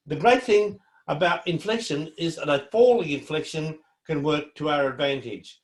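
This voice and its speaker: A man's voice: on the high side, fairly quick, reverberant. A man presenting a student seminar in a friendly, encouraging, conversational way.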